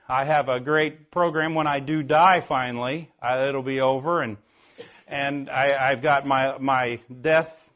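A man's voice: mid-range voice, fairly bright tone. An older man preaching in a playful, folksy way, often restarting his words and sometimes singing a spelled-out song. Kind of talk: playful sermon with sung spelling songs.

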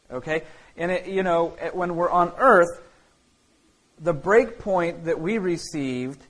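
Male pastor, casual sermon delivery, slightly high voice, lots of "you know" and restarts. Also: rough recording. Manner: conversational, many fillers and restarts.

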